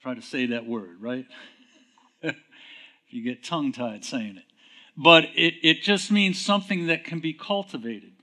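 A man preaching a sermon who puts questions to his listeners, answers them himself, and reads scripture verses slowly and with emphasis. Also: fairly high pitch, bright, forceful tone.

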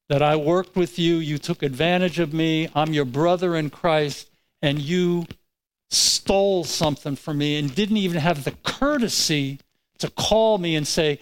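A man delivers a sermon as a personal story, his voice sitting a little high. He tells it in an animated way, acting out his own words as he goes. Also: clear, resonant tone, low-quality recording. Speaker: pastor.

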